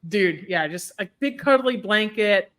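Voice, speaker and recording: A woman's voice: mid-range voice, lively intonation, a bit bright. Sleepy woman podcast host. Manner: laughing, jokey, drawn-out yawny delivery. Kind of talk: casual chat.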